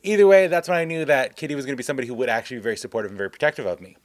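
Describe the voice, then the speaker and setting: A man's voice: medium pitch, rapid-fire, no room sound. A young man telling a casual storytime vlog, rambling and self-mocking, full of filler words. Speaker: vlogger.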